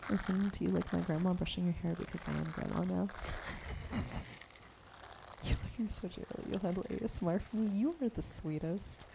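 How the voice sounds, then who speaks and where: A woman in her forties, a streamer doing whispered role-play, whispering softly and teasing her chat with giggles, with a cough that keeps catching her. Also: fairly low pitch, fairly even intonation, fast talker, creaky, hardly any pauses. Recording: noisy home stream mic.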